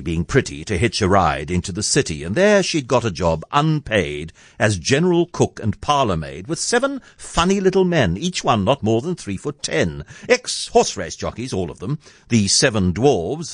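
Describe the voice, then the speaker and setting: A man reads a comic storybook poem aloud with a playful, sardonic edge. His pitch swings widely through each line, and the recording is dry and close. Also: big pitch swings, normal speed, hardly any pauses, no echo. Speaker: narrator. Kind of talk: storybook verse reading.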